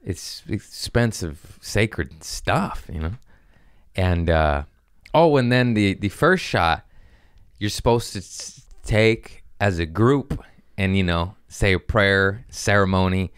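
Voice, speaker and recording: Low-voiced man telling profane stories. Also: slow, clear, resonant tone, no echo, studio quality. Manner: profane, self-mocking, animated with quoted voices. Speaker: podcast host. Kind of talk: comedic storytelling.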